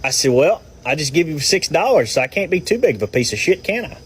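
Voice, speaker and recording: A man's voice: a little high, very animated, fast talker, a little hiss or hum, low-quality recording. A man telling a story casually, in a blunt and profane manner.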